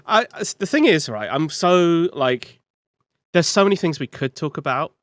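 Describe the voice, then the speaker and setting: A man co-hosting a tabletop game show, chatting in a relaxed way and trailing off softly. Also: a little high, moderate pace. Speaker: player and co-host. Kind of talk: casual chat about a tabletop game.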